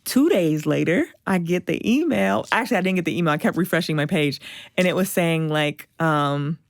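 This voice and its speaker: Woman podcast guest, low gravelly voice, animated storytelling, dry close sound. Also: moderate pace, no room sound. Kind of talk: emotional personal testimony.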